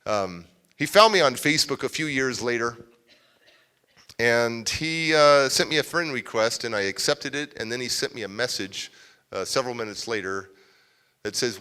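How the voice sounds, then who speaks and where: A man's voice: medium pitch, lively intonation, normal speed, pushed and bright, clean tone. A man, a motivational speaker, telling a confessional personal story to a live audience at a civic center and acting out the voices he quotes. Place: civic center event hall.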